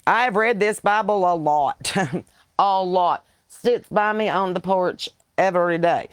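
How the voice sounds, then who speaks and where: A Southern woman hosts a casual livestream podcast from a porch, reading viewer comments into a computer mic in a blunt, profane, folksy preaching style. Her medium-pitched voice has lively intonation at a moderate pace, with no room sound.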